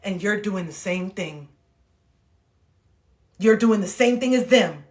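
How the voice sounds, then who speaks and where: A woman's voice: medium pitch, animated, slow, darkish tone. A woman in a casual, candid livestream monologue, speaking bluntly with swearing and acting out the voices of people she quotes, recorded on a phone mic.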